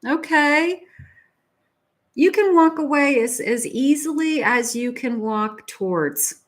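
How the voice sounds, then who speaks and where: A woman's voice: high voice, expressive, slow. A middle-aged woman giving a live tarot reading, chatty and encouraging, laughing often and repeating her phrases as she talks to viewers. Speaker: psychic tarot reader. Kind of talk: live tarot reading, casual advice talk.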